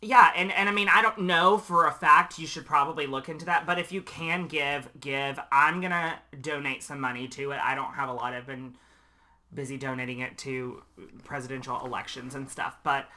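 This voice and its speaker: A man's voice: medium pitch, moderate pace. A man co-hosting a podcast, chatting casually and telling self-mocking stories. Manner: animated, self-mocking storytelling. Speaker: podcast co-host. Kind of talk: casual chat.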